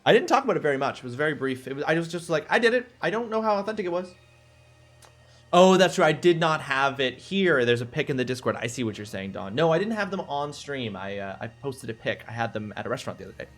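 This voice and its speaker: A young adult man streaming a video game, chatting casually and excitably with his chat. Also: mid-range voice, fast, hardly any pauses.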